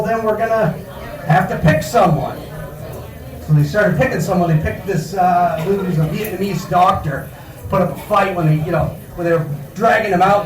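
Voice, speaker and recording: Comedy host, male, high voice, rambling stand-up patter, echoey bar room, mic set far off. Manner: rambling, with many fillers and self-corrections.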